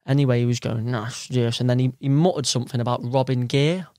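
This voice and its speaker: A man's voice: medium pitch, fairly even intonation, fast talker, dark tone, no room sound, clean studio sound. A young man, chatting casually as a podcast guest and telling stories with quoted voices. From London. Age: young adult. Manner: easygoing storyteller who acts out quoted people. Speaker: guest angler.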